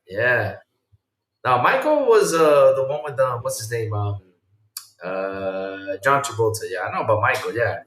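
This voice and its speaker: A male podcast host chatting casually on a livestream and reacting to viewer comments, excitable and rambling, swinging between low mumbles and loud outbursts. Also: unhurried. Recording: roomy sound from a distant mic.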